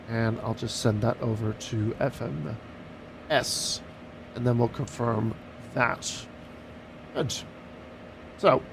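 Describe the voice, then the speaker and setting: A man's voice: on the high side, slight background noise. A man streaming a flight sim, chatting casually and joking while he talks through each step of the cockpit setup. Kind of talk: casual live-stream commentary.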